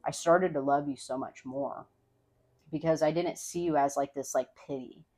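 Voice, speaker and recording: Young woman, low voice, frank and rambling, lots of filler words, swears casually, podcast guest chat. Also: fairly even intonation, normal speed, darkish tone. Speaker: podcast guest, host's wife. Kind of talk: casual heartfelt conversation.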